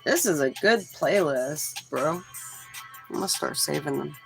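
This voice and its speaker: Texas lady in her 40s, low gravelly voice, laid back stream chat w/ faint music behind. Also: measured pace, poor audio. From Houston, Texas. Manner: relaxed, chatty, talks straight to chat. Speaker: livestream host. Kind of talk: casual livestream chat with viewers.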